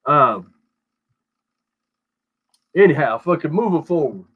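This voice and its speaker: A man's voice: on the high side, sing-song, slow, husky, narrow, tinny audio. A man hosting a show, ranting crudely and rambling with heavy swearing over call audio. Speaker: show host. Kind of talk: profane casual rant.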